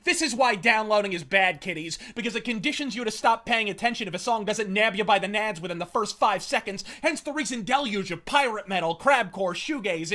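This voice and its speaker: A man's voice: high voice, expressive, fairly quick, few pauses, sharp tone. A man giving a profane, sardonic scripted rant as a video reviewer. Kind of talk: scripted comedic rant narration.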